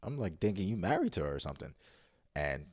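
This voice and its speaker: A man with a very low voice tells a story in loose, profane slang, circling back and restarting his sentences. The sound is close and dry with no room around it. He is blunt and unfiltered. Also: big pitch swings, fast, husky, no echo. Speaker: vlogger. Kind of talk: casual story time.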